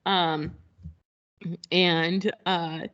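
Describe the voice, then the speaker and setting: A woman co-hosting a podcast in casual chat, telling a story in an animated way and laughing often. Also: on the low side, very slow, clear, resonant tone, dull audio. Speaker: podcast co-host.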